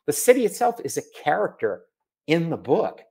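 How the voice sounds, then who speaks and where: A middle-aged man from Massachusetts, an author chatting in an interview, animated and full of asides. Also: on the high side, moderate pace, gravelly, husky. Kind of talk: casual video interview.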